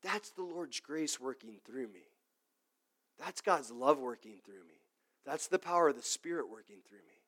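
A man preaching a casual, conversational sermon as pastor, full of "like" and "okay?" checks, swinging between loud emphatic lines and quiet asides. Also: medium pitch, animated, a little slow, long pauses. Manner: chatty, peppered with "like" and "okay?" checks.

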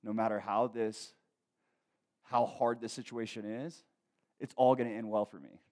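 A pastor preaching a sermon, conversational, rising loud and slow when reading scripture and dropping to quieter asides, often checking in with "okay?". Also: male voice, on the low side, flat delivery.

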